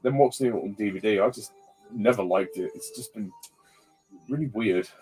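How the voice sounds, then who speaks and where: A man's voice: lowish voice, moderate pace, a little mellow, faint music behind, rough recording. A man casually commentating on a film, blunt and scornful in his judgments.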